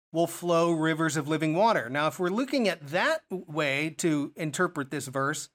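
A man's voice: high voice, animated, moderate pace, fairly bright tone. A man teaching a Bible study lesson, explaining verses and asking rhetorical questions as he goes.

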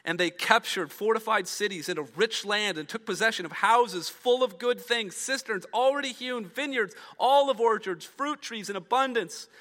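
A man's voice: sits high, pushed and bright. A man preaching a sermon as a pastor, reading scripture aloud, then explaining it with rising emphasis and trailing drops. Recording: long reverb of a large hall.

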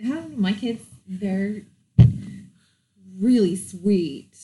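A woman's voice: mid-range voice, animated, slow, dark tone, rough recording. Frank chatty woman co-host. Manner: frank and chatty, swears, laughs easily. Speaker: podcast co-host. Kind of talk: casual chat.

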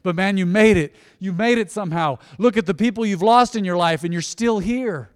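A man preaching a sermon as pastor, in a conversational, emphatic manner that swings between loud bursts and soft asides. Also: high-pitched, brisk, clean tone, dry recording, clean studio sound, long reverb tail.

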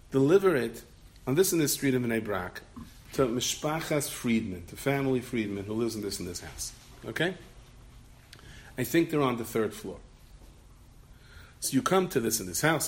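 A rabbi with a mid-range voice gives an animated Torah talk, telling a story and acting out its characters' voices while using many Yiddish and Hebrew terms. There's slight background noise.

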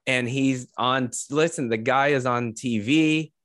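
A man, a comedian, answers questions in a relaxed, chatty way. His pitch sits in an ordinary middle range. The recording is close and dry. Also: a little slow, no echo. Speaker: podcast guest, comedian. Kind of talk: casual interview chat.

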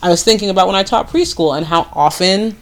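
A woman co-hosting a chat podcast, telling a story at an easy, middling pitch. She talks loosely, circling back and restarting her sentences as she goes. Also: fast talker. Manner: chatty, storytelling with many restarts. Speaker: podcast co-host. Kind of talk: casual chat.

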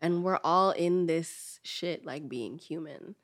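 Young woman, grad student guest, casual chat, lowish voice, swears a lot, mumbled asides, dry close sound. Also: takes it slowly, no room sound. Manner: relaxed, swears freely, slangy, drops to a mumble on asides. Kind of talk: casual conversation.

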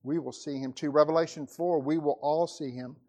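A man's voice: fairly high pitch, fairly even intonation, fairly quick. Dramatic male preacher. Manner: dramatic preaching, voice rising and dropping to a hush. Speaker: pastor. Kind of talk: sermon.

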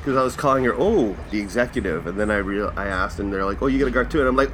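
Male podcast host, profane, animated comedic rants. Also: lowish voice, quick pace, few pauses, slight background noise. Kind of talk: casual comedic podcast rant.

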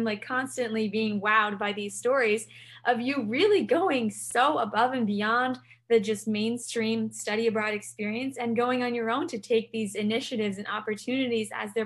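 A woman's voice: a little high, fairly bright tone. A young woman hosting a podcast, upbeat and effusive as she thanks her guest and signs off. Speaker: podcast host. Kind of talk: podcast interview and outro.

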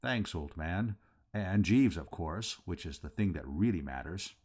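A man's voice: deep voice, a little slow, voice pushed down. Man doing shy toneless young gent. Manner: hesitant, flat and toneless. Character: timid lovesick young Englishman, shy gentleman.

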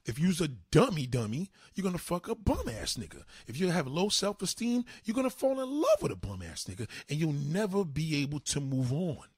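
Husky dude ranting on his stream, cussing a lot, voice jumping all over the place. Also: a little high, brisk, few pauses, no echo, clean studio sound. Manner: profane, animated, swinging delivery. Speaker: livestream host. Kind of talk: ranting comedic commentary.

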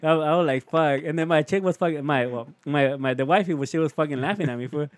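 A man's voice: a little high, fast talker, a little hiss or hum. A young man, telling a story in casual chat, slangy and profane, calling his listener "fool" over and over.

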